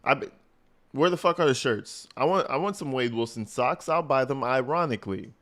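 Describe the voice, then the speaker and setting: Male reaction commentator, casual and profane, mocking tone, mid-pitched voice. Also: animated, moderate pace, a bit bright. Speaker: commentary host.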